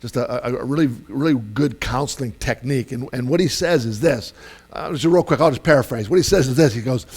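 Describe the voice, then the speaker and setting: A man's voice: mid-range voice, a little fast, a little mellow, slightly rough, poor audio. A man preaching a sermon as pastor, talking casually with many fillers, asides and restarts.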